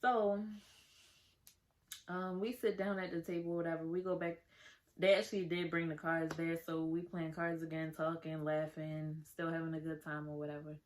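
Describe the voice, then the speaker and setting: A young woman tells a personal story straight to camera. Her voice sits a little low, and she talks in a chatty, animated way, calling out to her viewers as she goes. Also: moderate pace, slight background noise. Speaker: storytime vlogger.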